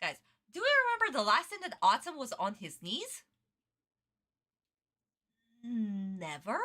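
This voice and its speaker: High, animated woman ranting from bed. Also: brisk. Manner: excitable, swears freely, exaggerated outrage. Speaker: streamer reacting to a cartoon. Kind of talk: ranting reaction-stream commentary. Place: in bed at home. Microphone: own desk microphone, close.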